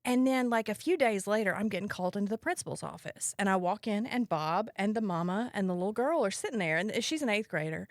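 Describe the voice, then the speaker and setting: A woman's voice: medium pitch, expressive, quick pace, hardly any pauses, dry recording, studio quality. A woman hosting a podcast, telling a personal story in a candid, wry way with a casual chat style. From Mississippi, US. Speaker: podcast host.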